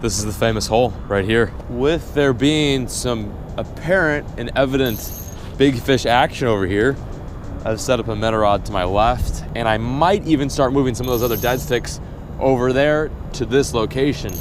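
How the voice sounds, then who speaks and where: A young man narrating his ice fishing trip in a casual vlog, chatty and easily excited, outdoors on a frozen lake. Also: medium pitch, normal speed, noisy background. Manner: excitable, shouting and laughing during the catch. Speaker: fishing vlogger.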